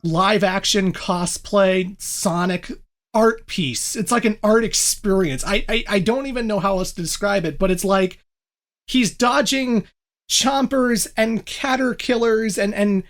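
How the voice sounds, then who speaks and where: A woman co-hosting a podcast in casual chat, retelling scenes with animated energy and laughing as she goes. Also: mid-range voice, a little slow. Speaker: podcast co-host.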